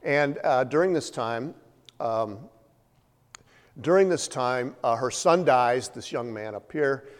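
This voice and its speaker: A man's voice: medium pitch, slow. A man preaching a sermon, retelling a story in a conversational way with many fillers and humorous asides. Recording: long hall reverb.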